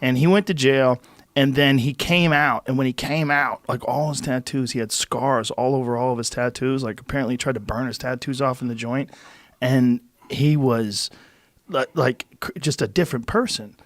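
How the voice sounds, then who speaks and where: A middle-aged man hosting a podcast, chatting casually with quick reactions and some swearing. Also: medium pitch, steady tone, no room sound. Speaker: podcast host. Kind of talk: casual chat.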